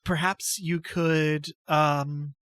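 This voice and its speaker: A man voicing a timid, polite young noblewoman who hesitates with soft ums. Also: fairly high pitch, level tone, extremely slow, clean tone, no room sound, studio quality, voice pushed up. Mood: nervous, polite.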